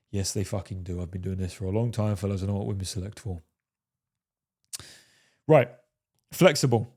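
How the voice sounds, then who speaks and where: A dating coach gives men casual, brash advice on dating and fitness in a talking-head video, cursing freely, calling the listener "fellas," and jokingly referring to himself in the third person. His voice is on the low side and a little mellow, with lively intonation and a slightly fast pace broken by long pauses.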